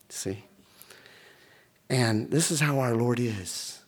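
Speaking slowly in a mid-range voice, a middle-aged pastor tells stories during his sermon and acts out the voices of those involved with lively animation.

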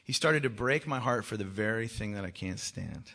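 A man with children, a worship leader giving a joking testimony talk to a church that rises into loud, urgent exhortation. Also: on the low side, expressive, normal speed, gravelly. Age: adult with children. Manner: joking, self-mocking, often laughing.

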